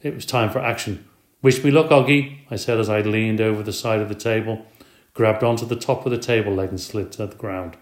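A man reading a children's book aloud as scripted narration, gentle and expressive. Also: fairly low pitch, a little fast. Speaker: audiobook reader. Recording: roomy echo.

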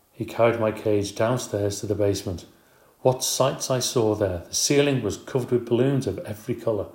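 A man reading a children's storybook aloud in an expressive, brisk way. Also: medium pitch. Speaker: audiobook narrator. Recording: roomy echo.

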